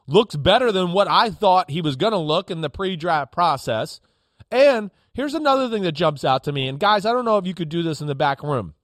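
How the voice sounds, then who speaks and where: A man's voice: high-pitched, fairly bright tone, no echo. A man working as a football analyst on a studio sports talk show, talking emphatically and acting out players' reactions.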